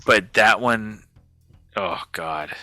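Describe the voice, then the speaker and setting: A man's voice: on the low side, very slow, bright, forceful tone, no room sound, soft background music. A man hosting a pop culture podcast, chatting casually in a jokey, rambling way. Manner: jokey, rambling, swears freely. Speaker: podcast host. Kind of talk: casual chat.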